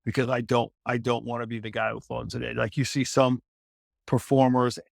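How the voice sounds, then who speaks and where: A middle-aged man with a gravelly edge in his voice tells stories on a podcast, often restarting and repeating phrases as he goes. The sound is close and dry. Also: mid-range voice, flat delivery, brisk, no room sound. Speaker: celebrity fitness trainer, guest. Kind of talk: candid interview conversation.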